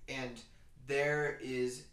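A man's voice: medium pitch, little pitch movement, very slow, fairly bright tone, a little hiss or hum. A young man co-hosting a podcast in casual chat, rambling and restarting his sentences. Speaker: podcast co-host. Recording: roomy, distant mic.

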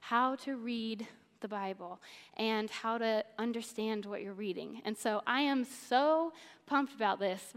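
A woman from Missouri teaches a church congregation with warm enthusiasm and earnest conviction. Her voice sits a little high. A long reverb from the large auditorium trails each phrase through the stage microphone. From Missouri, USA. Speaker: church speaker. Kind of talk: sermon-style Bible teaching.

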